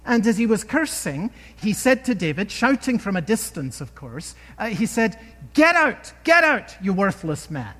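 A high-voiced male preacher delivers a sermon in a lively, swooping voice, pressing his points with rhetorical questions. His words ring out with a long reverb from the hall around him. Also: normal speed, few pauses. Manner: animated, emphatic storytelling with rhetorical questions.

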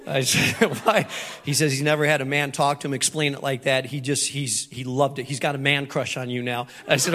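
A man's voice: medium pitch, flat delivery, fairly quick, pushed and bright. A middle-aged man preaching a sermon, telling a family story in a direct, earnest way with light humor. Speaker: pastor. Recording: long reverb in a large hall.

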